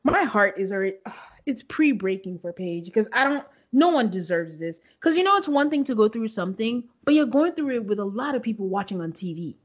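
A woman's voice: medium pitch, fairly quick, lo-fi sound. A woman co-hosting a casual chat, retelling scenes dramatically and using casual slang. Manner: animated, dramatic retelling with acted-out quotes. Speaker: podcast co-host. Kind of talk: casual chat recapping a reality show.

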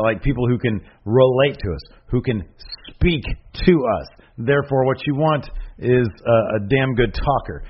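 A man co-hosts a casual podcast debate, animated and rambling as he argues his side. His voice sits at an ordinary male pitch, and the recording is dull and lo-fi with faint noise. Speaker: podcast co-host.

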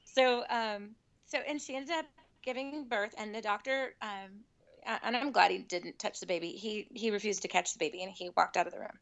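A woman's voice: mid-range voice, normal speed. A woman who works at births, chatting casually and acting out the people in her stories. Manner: animated, acts out quotes. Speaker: birth worker. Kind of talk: casual storytelling chat.

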